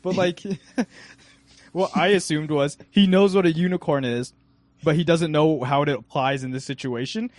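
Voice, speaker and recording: A man's voice: fairly high pitch, moderate pace, no echo. A young man co-hosting a casual movie review chat, talking in a loose, rambling way. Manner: relaxed, rambling with "like" fillers. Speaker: podcast co-host.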